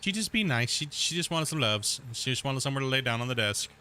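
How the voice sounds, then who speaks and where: A man's voice: medium pitch, quick pace, sharp tone, clear, resonant tone. A man streaming a game from his home desk, chatting casually and saying dude a lot while he coos at his cat. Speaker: gaming streamer. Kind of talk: casual live-stream chat. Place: home gaming room. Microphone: desk mic at a gaming setup.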